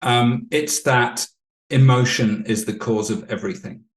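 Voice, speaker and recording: Male coach guest, mid pitch, measured storyteller, roomy echo. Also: steady tone. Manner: measured, explanatory, anecdotal. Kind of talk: podcast interview storytelling.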